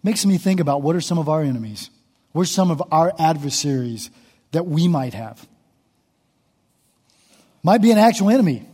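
High-voiced, husky male preacher. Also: animated, fairly quick, a little mellow, long reverb tail. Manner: impassioned, dramatically voicing the psalmist's laments. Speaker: pastor. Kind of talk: sermon. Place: church sanctuary.

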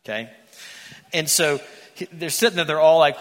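Bright-voiced preacher in an echoey church. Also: male voice, a little high, moderate pace. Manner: animated storyteller, acting out the characters. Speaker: pastor. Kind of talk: sermon. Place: church sanctuary.

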